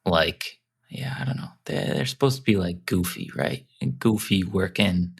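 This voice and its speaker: American podcast co-host, lowish husky voice, unsure but opinionated. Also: male voice, normal speed. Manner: hesitant, hedging, then animated when arguing. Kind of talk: casual chat.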